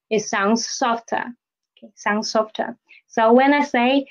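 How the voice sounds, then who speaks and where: Slow patient woman teaching a lesson. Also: fairly high pitch, steady tone, lo-fi sound. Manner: patient, repeats words and checks with "okay?" and "right?". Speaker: Chinese language teacher.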